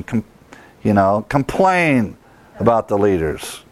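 A man's voice: big pitch swings, measured pace. Emphatic male preacher in a sermon. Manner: emphatic preaching, rising to higher pitch, with chuckles. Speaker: pastor.

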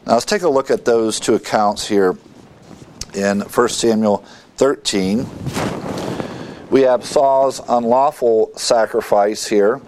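A man teaching a verse-by-verse Bible lesson, reading scripture aloud and explaining it with halting asides and fillers. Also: medium pitch, darkish tone, slight background noise.

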